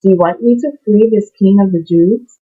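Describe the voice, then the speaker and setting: A woman's voice: medium pitch, normal speed, slightly rough, close to an everyday voice. A woman reading aloud the words of a doubtful male Roman governor, in a plain, questioning way. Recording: tinny phone-like sound.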